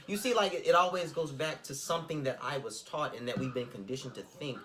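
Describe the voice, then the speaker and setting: A man's voice: mid-range voice, fast, bright, forceful tone. A man co-hosting a casual podcast, thoughtful and conversational, leaning on "like" and "you know". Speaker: podcast co-host.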